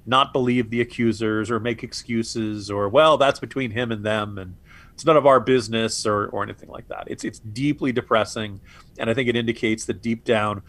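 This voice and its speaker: A man's voice: on the low side, fairly even intonation, normal speed, fairly bright tone. A man co-hosting a political podcast, sarcastic and exasperated, often stammering and restarting. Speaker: co-host.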